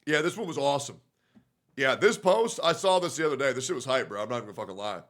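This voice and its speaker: A young male streamer talking to his chat in a middle-pitched voice, casual and profane. He leans on fillers like "like" and trails off into low mutters between reactions. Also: expressive, fast talker, a bit bright.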